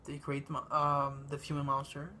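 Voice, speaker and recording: A man giving a casual spoken movie review, halting and meandering, with lots of ums and uhs. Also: on the high side, monotone, pushed and bright, slight background noise. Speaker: film reviewer.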